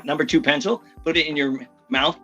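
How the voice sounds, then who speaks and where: A man who works as a communication coach, talking energetically and emphatically in a podcast interview and often slipping into quick impressions. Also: fairly high pitch, lively intonation, sharp tone, breathy edge, faint music behind.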